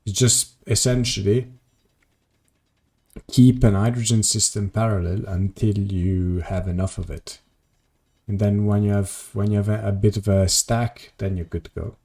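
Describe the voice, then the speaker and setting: A fairly low-pitched man with a mellow, dark tone talks casually on a live gaming stream. He sounds tired and rambles easily from one thought to the next, answering messages from his chat as they come in. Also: flat delivery, a little slow, creaky.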